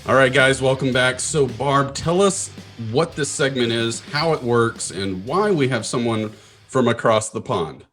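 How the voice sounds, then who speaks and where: A man's voice: mid-range voice, lively intonation, a little slow, fairly bright tone, soft background music. A man from Texas co-hosting a casual chat, easygoing and playfully baffled at times. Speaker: co-host.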